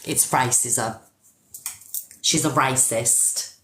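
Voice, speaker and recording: A woman's voice: extremely low pitch, extremely slow, pushed and bright, echoey room, slight background noise. A middle-aged British woman hosting a live stream, ranting angrily and emphatically with plenty of swearing. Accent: British English. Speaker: TikTok live host.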